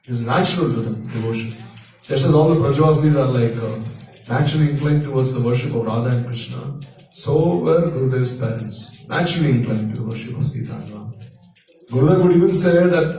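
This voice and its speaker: A man's voice: mid-range voice, fairly quick, warm tone. A man giving a sermon, telling scripture stories in a questioning, hesitant way and answering his own questions. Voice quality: frequent hesitations, repeats words. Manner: asks questions and answers them himself. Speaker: speaker giving a religious discourse. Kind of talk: sermon storytelling. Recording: echoey room, voice far from mic.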